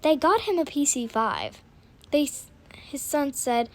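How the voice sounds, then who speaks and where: A woman narrates a story she is making up on the spot, halting and restarting as she searches for words. Her voice is a little high and her pace is slow. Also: very animated. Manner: halting, with restarts and self-corrections.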